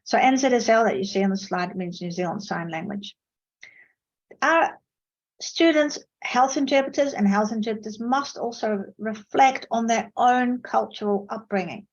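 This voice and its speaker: A Dutch woman, a native Dutch speaker from the Netherlands who lectures on interpreting, shares anecdotes from her lectures during an online academic seminar. She tells her stories at a moderate pace with emphatic jumps in pitch, and her video-call microphone sounds muffled.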